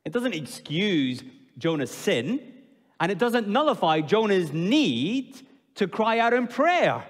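High-voiced preacher in a reverberant church. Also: male voice. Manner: expressive, questions the congregation, drops low and slow for emphasis. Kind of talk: sermon. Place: church hall. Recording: long hall reverb.

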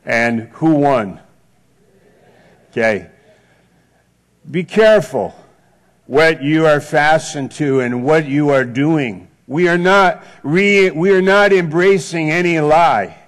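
A male pastor preaching a sermon in a church, slow and deliberate, building on repeated phrases. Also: fairly high pitch. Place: church sanctuary.

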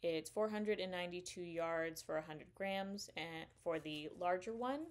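A woman's voice: fairly low pitch, normal speed. A woman hosting a knitting podcast, chatting casually and enthusiastically, rambling a bit with fillers as she shows her purchases. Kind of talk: casual show-and-tell chat.

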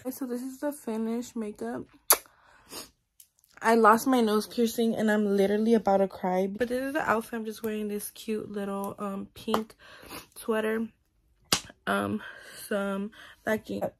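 A young woman chatting casually to her camera in a vlog, full of "like" and "um". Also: mid-range voice. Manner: chatty, fillers like "like" and "um". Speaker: vlogger. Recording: noisy background.

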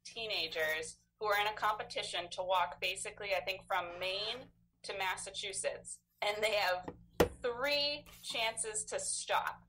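A woman in her thirties is a guest on an interview show. She speaks in a friendly, measured way and laughs easily, and her voice sits at a middle pitch. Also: background noise. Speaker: animal control officer, guest. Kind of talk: casual interview chat.

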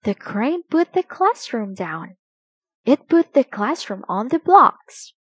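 A woman reading a children's picture book aloud, slowly and expressively for young listeners. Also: a little high, big pitch swings, breathy edge, no echo. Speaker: storybook reader.

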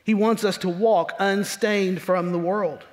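A man preaching a sermon as pastor, leaning hard on key words and slowing down to stress them, sometimes dropping into a low mutter to mimic complainers. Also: steady tone. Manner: emphatic preaching with slow drawn-out stresses. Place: church sanctuary. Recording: long church hall reverb.

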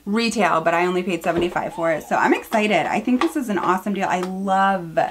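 A woman's voice: fairly low pitch, brisk. A woman in her thirties talks to camera from home in a chatty, gushing way, full of fillers and little asides. A faint hiss of noise sits behind her voice. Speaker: beauty vlogger. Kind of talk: casual haul review to camera.

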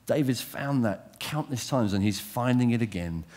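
A man delivers a sermon in an animated, direct way, putting questions to his listeners. He swings between loud emphasis and quiet intensity, speaking at a moderate pace in a mid-range voice.

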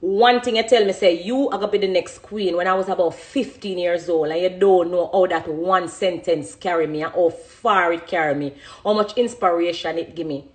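A dancehall artist, a Jamaican-accented woman in her thirties, speaks with a fairly low voice at a moderate pace. Her talk is emotional and spontaneous as she discusses her career passionately and emphatically, overflowing with gratitude.

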